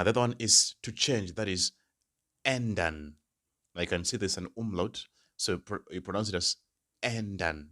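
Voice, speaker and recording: A man teaching German verb conjugation, repeating each form slowly and often checking in with "yeah?". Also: sits low, pushed and bright. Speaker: German language tutor. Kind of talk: slow, careful language lesson.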